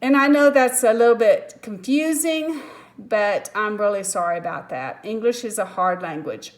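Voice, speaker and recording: A woman teacher slowly walking through a phonics lesson, patient and step by step, with small apologetic asides. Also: mid-range voice, lively intonation.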